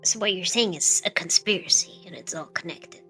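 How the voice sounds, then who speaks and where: Playful excitable woman at the game table, really bright forceful voice. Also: on the low side, normal speed, faint music behind. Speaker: player. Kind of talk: tabletop role-play chat.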